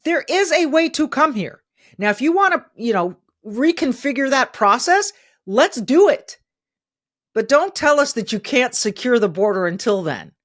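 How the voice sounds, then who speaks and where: A middle-aged woman hosts a podcast, giving emphatic opinion commentary and repeating phrases for emphasis. Her voice sits high and is very animated, at a moderate pace.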